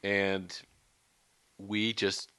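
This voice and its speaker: A man co-hosting a relaxed faith podcast, chatting, joking lightly and reading verses aloud. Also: fairly low pitch, drawn-out words, clear, resonant tone, dry recording. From California. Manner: conversational, reads scripture aloud, jokes lightly. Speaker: podcast co-host. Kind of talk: casual faith discussion.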